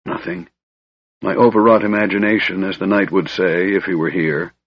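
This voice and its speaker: A man's voice: deep voice, moderate pace, no room sound. A man voicing a frail, sardonic young male mage who talks in a cold, hissing whisper, on a dull lo-fi recording. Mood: brooding. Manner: cold, brooding, bitter.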